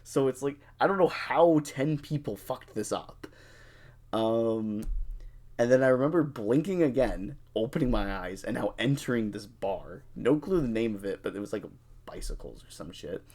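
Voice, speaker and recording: A young adult man co-hosting a podcast, telling a drinking story in a casual, animated way, swearing freely and acting out what people said. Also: medium pitch, moderate pace. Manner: animated, profane, acts out quotes. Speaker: podcast co-host.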